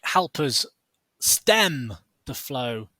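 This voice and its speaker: A man's voice: medium pitch, very animated, extremely slow, sharp tone, no echo. A man co-hosting a casual podcast, joking sarcastically and reading posts aloud. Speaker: podcast co-host.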